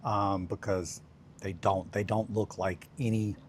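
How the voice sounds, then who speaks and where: A man's voice: on the low side, fairly even intonation, measured pace, slight background noise. A man hosting a casual hobby livestream, chatting in a rambling, self-deprecating way and laughing often while he works. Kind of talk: casual chat while crafting.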